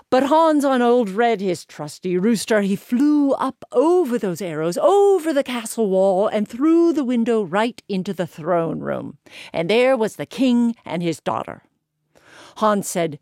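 A woman storyteller telling a folk tale in an animated, expressive way, building the drama. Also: mid-range voice, a little slow, no room sound, studio quality.

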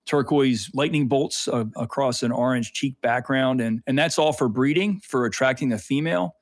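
A man's voice: mid-range voice, no echo. A man who guides freshwater snorkeling trips, explaining fish and streams in an enthusiastic interview voice with plenty of fillers. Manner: animated, explains with lots of fillers.

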